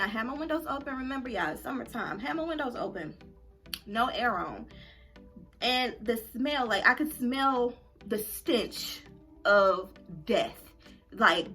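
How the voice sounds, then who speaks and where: Bright, animated young woman telling a story. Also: mid-range voice. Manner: animated and dramatic, talks straight to viewers. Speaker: vlogger. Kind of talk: casual storytelling to viewers.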